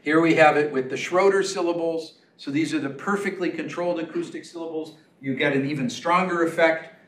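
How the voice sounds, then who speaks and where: A man giving an academic seminar talk in a casual, chatty way, full of fillers and quick asides. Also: on the high side, fairly bright tone, recorded from a distance, a little hiss or hum. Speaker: guest lecturer. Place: lecture room. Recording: echoey room, voice from afar.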